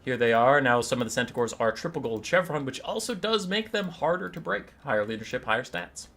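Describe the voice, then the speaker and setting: Bright, irreverent male game commentator. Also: medium pitch, a little fast, creaky. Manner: animated, irreverent, swears casually. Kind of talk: casual gameplay commentary and storytelling.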